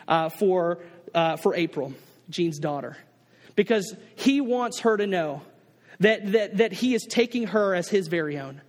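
A man's voice: sits high, big-room sound. A man preaching a sermon to his congregation, telling a story with many restarts and acting out the people in it. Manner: storytelling, animated quoted voices, many restarts. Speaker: pastor.

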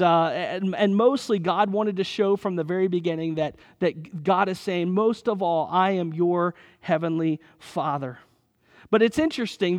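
A man's voice: high voice, big-room sound. A man in his thirties preaching a sermon in an earnest, conversational way, often repeating his phrases. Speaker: pastor.

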